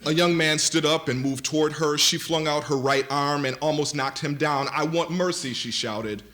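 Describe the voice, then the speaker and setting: A man reads a literary passage aloud to a university audience with a dramatic, shifting delivery. He slows down and lingers on vivid images. He speaks at a middle pitch. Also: pushed and bright. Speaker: panelist reading aloud. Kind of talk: expressive literary reading. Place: university lecture event.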